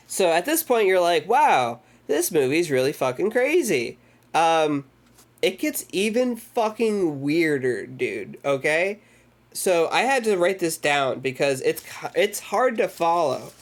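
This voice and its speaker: A man's voice: fairly high pitch, sing-song, slow. A man streaming live, casually recapping a horror movie with lots of swearing, loose rambling and acted-out quotes. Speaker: streamer hosting a movie club.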